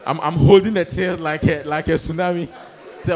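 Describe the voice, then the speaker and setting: A young man doing stand-up storytelling on stage, animated, acting out voices and laughing through his lines. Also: a little high, brisk, crowd noise. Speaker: stand-up comedian. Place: comedy stage before a live audience.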